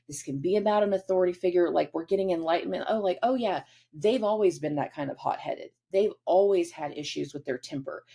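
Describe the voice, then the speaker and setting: A woman's voice: medium pitch, mellow. A woman hosting a casual astrology forecast, chatty and acting out quoted dialogue in different voices.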